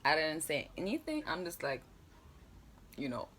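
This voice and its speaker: A woman's voice: sits low, very animated, normal speed, fairly bright tone, a little hiss or hum. A young adult woman telling a story in a casual vlog, chatty and laughing often, with plenty of fillers. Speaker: vlogger.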